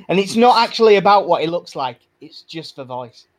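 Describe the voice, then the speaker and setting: A man's voice: high-pitched, expressive, normal speed. A man co-hosting a casual football podcast. He is chatty, laughs often and swears casually. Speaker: podcast co-host.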